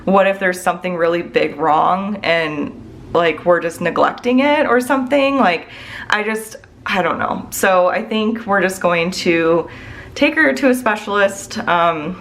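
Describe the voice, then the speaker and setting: A woman's voice: lowish voice, measured pace, fairly bright tone, a little hiss or hum. A woman vlogger and mom chatting casually to her viewers. She rambles candidly and sounds worried, filling her talk with "like" and "I don't know.".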